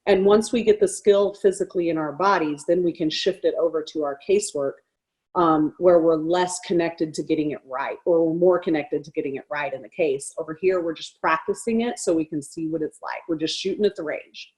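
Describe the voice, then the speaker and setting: A woman lawyer talks through her approach at a trial skills workshop. Her voice sits a little low. She explains in a thoughtful, measured way. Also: darkish tone. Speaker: workshop participant, defense lawyer.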